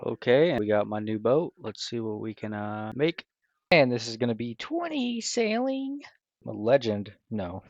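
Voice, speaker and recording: A man's voice: medium pitch, no echo. A man giving casual commentary over his own gameplay, loose and rambling, with many fillers and restarts. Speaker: gaming video creator. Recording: dull, lo-fi, dry voice recording.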